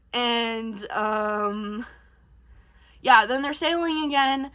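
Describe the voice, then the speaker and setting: A young woman casually recapping a film, rambling and swearing, jumping into quick voices for the characters. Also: fairly high pitch, fairly bright tone. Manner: rambling and profane, acts out characters in quick bursts. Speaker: vlogger.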